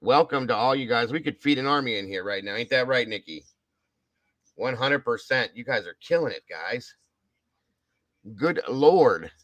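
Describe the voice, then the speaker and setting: A man's voice: medium pitch, expressive, normal speed, a bit bright, no echo, rough recording. Effusive older man hosting a live stream. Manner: effusive, thanking viewers by name. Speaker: livestream host. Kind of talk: casual live-stream chat.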